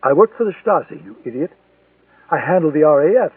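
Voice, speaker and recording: A man's voice: on the high side, lively intonation, a little fast, breathy edge, no echo. Man voicing a bullying East German secret police heavy. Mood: cold accusing. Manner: harsh, bullying interrogation. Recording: tinny, distant, dry lo-fi recording.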